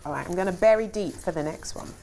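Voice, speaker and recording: A woman's voice: lowish voice, fast, mellow, slight background noise. A middle-aged woman, a film director, reads interview questions aloud and answers them in a chatty, rambling way with lots of ums and easy laughter. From Ghana.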